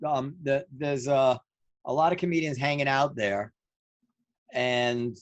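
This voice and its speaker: A man co-hosting a podcast over a video call, talking casually with many halting restarts. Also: mid-range voice, no room sound, dull audio. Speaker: podcast co-host.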